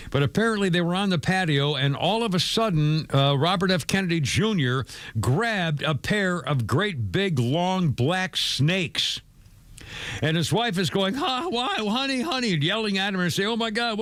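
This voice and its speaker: A male talk radio host riffs on the news in a loose, rambling way, tripping over his words and circling back often. His voice sits a little high for a man. The studio sound is close and dry. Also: fairly bright tone, no room sound. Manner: rambling with frequent stammers and restarts. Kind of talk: casual talk radio commentary. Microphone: studio microphone.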